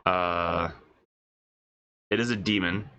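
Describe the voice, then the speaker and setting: A man with a congested voice, casually reading out and reacting to game rules as a host, excited and swearing, thinking aloud. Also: low voice, slow pace, gravelly, clear, resonant tone, dull audio. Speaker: wargaming video host reviewing rules.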